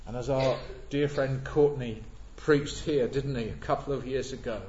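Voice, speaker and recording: A man preaching a sermon in a church hall, swelling loud on key words and dropping low and soft between them. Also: steady tone, normal speed, a little hiss or hum. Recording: echoey hall, dull lo-fi sound.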